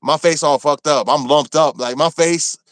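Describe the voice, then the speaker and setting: A man from Maryland telling a rough story from his time in prison, cursing freely and acting out what people said. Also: fairly high pitch, moderate pace, dry recording. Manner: animated, profane, acts out quotes. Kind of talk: casual storytelling.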